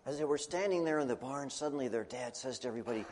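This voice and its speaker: A man preaching a children's sermon as a story, chatty and animated, asking his listeners questions. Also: medium pitch, very fast, in a large hall.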